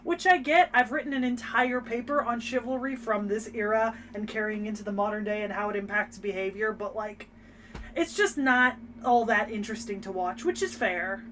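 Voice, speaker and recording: A young woman co-hosting a casual anime discussion, energetic and sassy, swearing freely. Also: medium pitch, normal speed, slight background noise. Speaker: podcast co-host.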